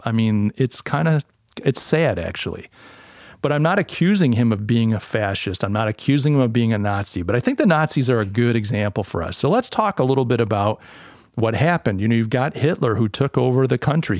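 A man's voice: medium pitch, darkish tone, no echo, clean studio sound. A man from the United States hosting a podcast, talking in a casual, opinionated, rambling monologue with frequent restarts. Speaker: podcast host.

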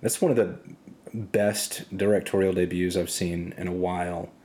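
A man's voice: sits low, steady tone, moderate pace, dark tone. A man co-hosting a podcast, speaking casually and hesitantly, stammering and restarting his sentences. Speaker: podcast co-host. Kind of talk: casual chat.

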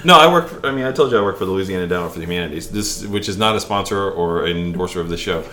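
A man's voice: low voice, lively intonation, noisy background. A man co-hosting a podcast in casual chat, joking, riffing on words and laughing easily. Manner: jokey, quick to laugh, riffs on words. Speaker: podcast co-host.

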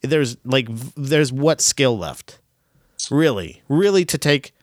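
A man's voice: mid-range voice, animated, takes it slowly, dry recording, studio quality. A man chatting casually with a friend, rambling and swearing, often restarting his sentences. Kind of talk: casual chat.

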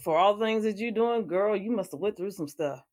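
A woman interviewer, warmly affirming her guest and asking faith-based questions. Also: mid-range voice, brisk. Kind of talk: conversational interview.

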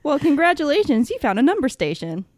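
A woman's voice: sits high, very animated, fast, a little mellow, dry recording, clean studio sound. A woman hosting a podcast, casually explaining science topics to her friends in a chatty way. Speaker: podcast host.

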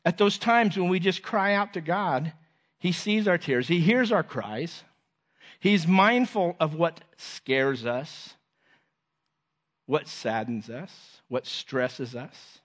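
A man with a slightly raised voice delivers an earnest sermon. He repeats key phrases and lets his sentences drop gently and quietly at the close. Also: fairly high pitch, slow pace. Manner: earnest, repeats phrases, drops softly at ends of lines. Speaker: preacher.

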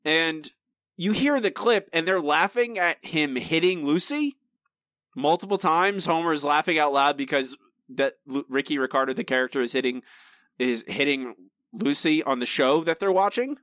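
A man co-hosting a podcast in casual chat, animated and teasing with mock indignation. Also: on the high side, normal speed, no room sound, clean studio sound. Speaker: podcast co-host.

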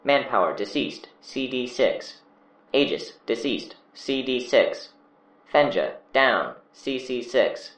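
A man's voice: medium pitch, slow pace. A man playing a clipped, echoey computer voice. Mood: flat. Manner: clipped, monotone status readouts. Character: flat computerized armband voice.

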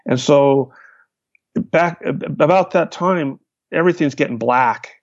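A man, a hang glider pilot, recounting his flights in a lively storytelling manner. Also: on the high side, a little slow, no echo. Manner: animated, vivid retelling with restarts. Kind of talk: storytelling in a conversation. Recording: dull, lo-fi, dry sound.

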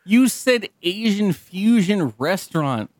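A man's voice: high-pitched, very animated, takes it slowly, darkish tone, dry recording, clean studio sound. A young man co-hosting a casual podcast, telling a rambling story and swearing freely. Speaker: podcast co-host. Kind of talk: casual chat.

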